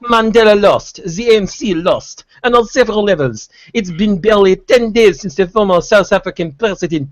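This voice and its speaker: A man's voice: high voice, no room sound, voice pushed up, close to an everyday voice. A man reading an article in an obnoxiously bad fake French accent, playing a pompous writer. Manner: over the top, obnoxious.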